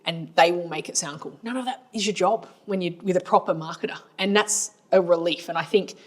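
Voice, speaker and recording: Australian woman, slightly low voice, chatty and blunt, colloquial storyteller for a business podcast. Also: fairly quick. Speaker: marketing agency owner and podcast co-host. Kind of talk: casual business podcast chat.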